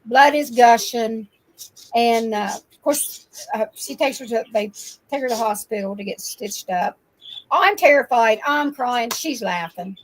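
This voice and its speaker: An older woman, a grandmother, telling lively farm stories in casual chat and laughing often. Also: a little high, a little slow, rough recording. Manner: animated storyteller, laughs often. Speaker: guest.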